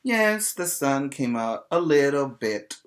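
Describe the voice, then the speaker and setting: A man teaching preschoolers in an online class, chanting and singing in a slow, encouraging sing-song. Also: medium pitch, sing-song. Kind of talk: sing-song classroom lesson for small children. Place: home or classroom, recording for virtual class.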